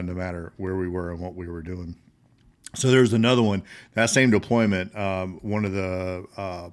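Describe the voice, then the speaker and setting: A middle-aged American man with a fairly low voice tells old army stories in a loose, casual way. He chuckles through his sentences and leans on plenty of "um" and "you know" as he goes. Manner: laughs while telling stories, many fillers. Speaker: podcast host, army veteran. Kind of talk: casual storytelling.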